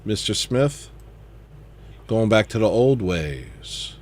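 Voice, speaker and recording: A man's voice: fairly low pitch, very animated, slow, slight background noise. A man hosting a casual livestream, chatting about his music in a rambling way that trails off and circles back. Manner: rambling, trails off and restarts thoughts.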